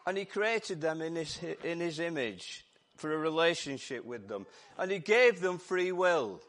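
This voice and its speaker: A man with a Lancashire accent preaching a lively, jokey Easter sermon to his church while his voice goes hoarse. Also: a little high, a little slow. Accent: Lancashire English. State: voice going hoarse. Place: church service.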